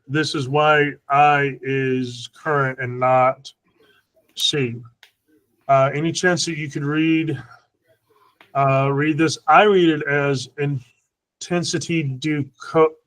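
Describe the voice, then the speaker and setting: A man's voice: medium pitch, steady tone, takes it slowly, fairly bright tone, rough recording. A man teaching an online class, patiently walking students through a worksheet and checking they understand.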